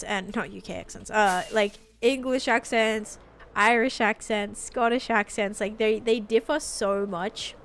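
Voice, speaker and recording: A woman's voice: fairly high pitch, a bit bright. A young woman from New York, chatting and rambling casually to viewers while streaming a game. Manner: rambling, chatty, thinking aloud. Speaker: gaming streamer. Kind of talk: casual livestream chat while playing.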